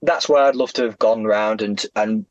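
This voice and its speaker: British male guest, chatty and animated, trips over his words, dry lo-fi sound. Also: on the low side, normal speed, dry recording. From United Kingdom. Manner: rambling, animated, frequent restarts. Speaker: guest traveller. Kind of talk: casual podcast storytelling.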